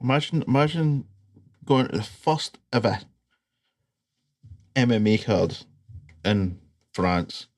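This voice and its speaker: A man's voice: medium pitch, lively intonation, takes it slowly, pauses often, no room sound, clean studio sound. A Scottish man co-hosting a sports podcast, recounting things casually with quoted asides. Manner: storytelling with quoted asides, laughing. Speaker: podcast co-host. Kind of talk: casual chat.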